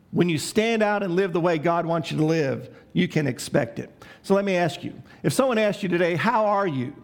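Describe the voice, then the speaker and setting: Preaching in a high voice, this pastor puts questions to his congregation and gives them room to answer, using a forceful, shifting delivery throughout the sermon.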